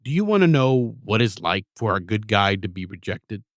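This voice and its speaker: A man's voice: lowish voice, big pitch swings, normal speed, dry recording, clean studio sound. A man hosting a podcast, ranting through a blunt, heavily profane monologue. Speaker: podcast host.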